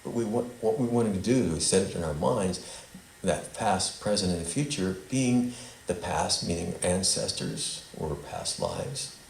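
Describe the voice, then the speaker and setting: Man, very low voice, gravelly, spiritual teacher, meandering talk, echoey hall. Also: sing-song, unhurried. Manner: meandering, leads call-and-response recitation. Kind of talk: talk to a small group. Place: meeting hall of a spiritual center. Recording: echoey hall with faint noise.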